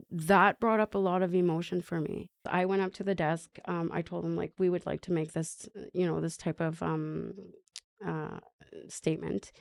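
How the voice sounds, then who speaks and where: A woman's voice: lowish voice, gravelly, darkish tone, clear, resonant tone, no echo, studio quality. A woman from Canada telling her recovery story as a podcast guest, earnest, with many "like" fillers and acted-out dialogue.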